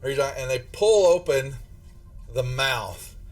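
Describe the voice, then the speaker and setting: A man running a tabletop horror game as game master, narrating in a rambling, halting way full of restarts and fillers. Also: medium pitch, animated, faint music behind.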